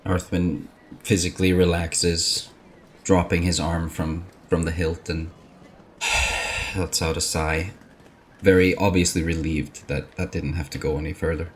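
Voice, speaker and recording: A man's voice: sits low, level tone, unhurried, a little hiss or hum. A man player in a tabletop game, describing his character's actions hesitantly. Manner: hesitant, with fillers.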